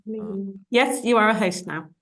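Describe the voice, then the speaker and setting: A woman hosting an online webinar on a video call, polite and soft-spoken. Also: mid-range voice, a little slow. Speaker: webinar host.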